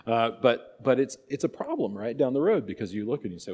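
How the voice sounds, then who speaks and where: A man's voice: medium pitch, big pitch swings, fairly quick, few pauses, a little mellow, breathy edge. A man teaching a church catechism class in a folksy, conversational way, acting out little asides. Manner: folksy, conversational, with many restarts and acted asides. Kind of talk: casual catechism class talk.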